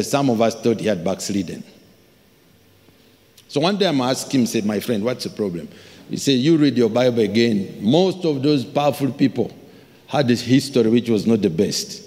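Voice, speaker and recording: A man preaching a sermon as a pastor, telling stories with acted-out voices and sudden shouts. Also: mid-range voice. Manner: animated storytelling, acts out voices, shouts for emphasis. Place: large church hall. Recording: long hall reverb.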